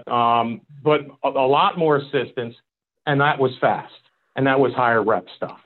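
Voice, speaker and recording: A man guest in a casual interview, relaxed and halting, with many fillers. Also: medium pitch. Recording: tinny phone-like line.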